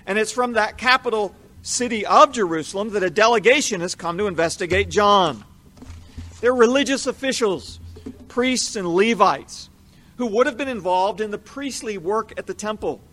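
A man giving a measured, explanatory Bible teaching, leaning into the verses he quotes. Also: sits high, lively intonation, pushed and bright.

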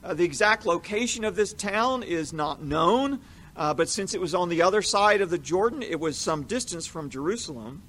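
A man giving a measured, explanatory Bible teaching, leaning into the verses he quotes. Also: high voice, expressive, a bit bright.

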